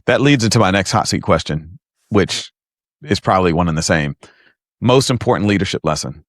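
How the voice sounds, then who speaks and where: A man hosting a podcast interview in a relaxed conversational way, often affirming his guest. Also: low-pitched, a little fast, no echo, studio quality. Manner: affirming, conversational, frequent "mm" and "yeah". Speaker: podcast host. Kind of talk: casual interview chat.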